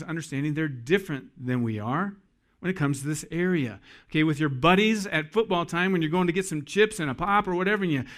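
A man's voice: a little high, fairly bright tone. A man preaching a sermon to husbands in a folksy, joking way that addresses the men directly. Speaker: pastor.

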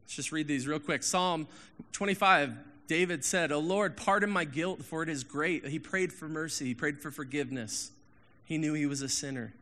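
A lively man in his thirties preaching a casual, candid sermon. His tone is bright and forceful, his pitch sits a little high, and long reverb rings around him in a big hall. He swings between loud emphasis and hushed asides. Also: normal speed. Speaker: pastor.

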